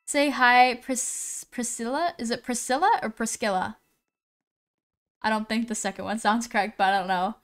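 A woman live-streaming a game, reading names from the chat and greeting viewers one by one, often pausing on how to say them. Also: fairly high pitch, fairly even intonation, fairly bright tone, faint music behind. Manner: slow, unhurried delivery with frequent "um"s.

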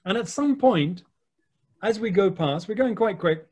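An English man, a wildlife photographer, telling lively anecdotes with the odd mild swear word over a video call. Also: sits high, a little slow, husky. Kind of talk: anecdotal storytelling.

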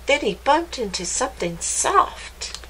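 A woman librarian reads a picture book aloud with gentle, expressive storytelling. Her voice sits slightly high and she takes her time over every phrase. A faint ambient hum runs underneath. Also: unhurried. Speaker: children's librarian.

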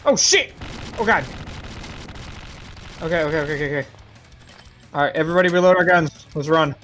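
Excitable young man yelling through gameplay. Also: on the high side, fast talker, faint music behind. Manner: excitable, swearing, yelps and repeats words under pressure. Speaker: gaming YouTuber. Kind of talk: live gameplay commentary with friends.

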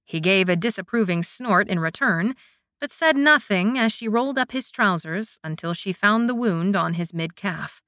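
A woman narrating an audiobook in a measured, scripted reading. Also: medium pitch, lively intonation, bright, forceful tone, dry recording, studio quality.

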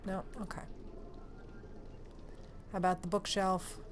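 A woman giving casual commentary on a horror game she is playing at home, excitable and talking straight to her viewers with plenty of swearing. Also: medium pitch, takes it slowly, a little hiss or hum. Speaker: let's play gamer. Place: home room. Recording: game music behind voice.

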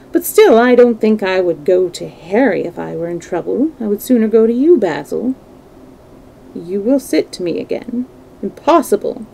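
A woman's voice: mid-range voice, gravelly, dark tone, poor audio. A woman reading a classic novel aloud to a live stream, giving the characters' dialogue a light touch of acting. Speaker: storyteller.

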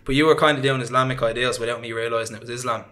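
Rapid-fire and sharp, the voice sits at medium pitch with a steady tone. It belongs to a young Irish interview guest whose casual storytelling rambles along, peppered with fillers and self-mocking laughter.

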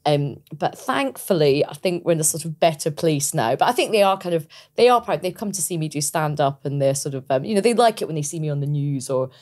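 A Scottish woman in her forties chats as a podcast guest, lively and quick to laugh. Her voice sits on the low side for a woman, and she tells her stories with plenty of animation. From Scotland. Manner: lively storyteller, laughs often, mimics her parents. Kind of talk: casual interview chat.

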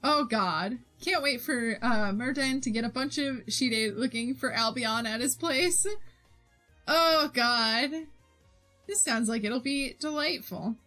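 A woman's voice: on the high side, slow pace, pushed and bright, soft background music. Bubbly, giggly woman chatting with viewers. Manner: giggly, reads chat aloud, bubbly. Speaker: streamer. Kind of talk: casual chat while drawing.

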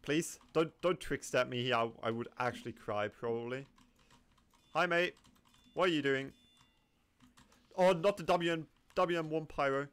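Excitable young man commentating gameplay. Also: fairly high pitch, moderate pace, pauses often, clean tone. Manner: excitable, swings from muttering to yelping and laughing. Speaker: gaming commentator.

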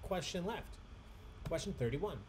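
A man's voice: high voice, lively intonation, measured pace, slight background noise. A man hosting a live online trivia game, chatty and upbeat, reading each question twice with emphasis. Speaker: trivia host.

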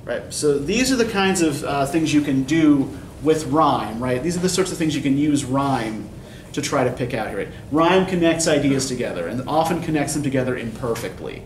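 A man's voice: mid-range voice, lively intonation, normal speed, few pauses. Lecturing man, echoey classroom from afar. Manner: explanatory, often checks in with "right?". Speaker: college English instructor. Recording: echoey classroom from far off, faint noise.

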